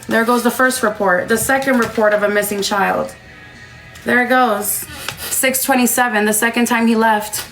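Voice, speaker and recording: Blunt high-voiced woman livestreaming. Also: fairly bright tone. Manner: blunt, talks straight to chat. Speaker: mother telling her story on a livestream. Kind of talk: casual livestream storytelling. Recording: roomy echo, faint music.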